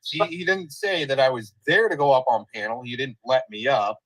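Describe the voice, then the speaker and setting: A man's voice: mid-range voice, moderate pace, fairly bright tone, low-quality recording. A man hosting a livestream, ranting in profane, combative commentary over clips he plays. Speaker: livestream host.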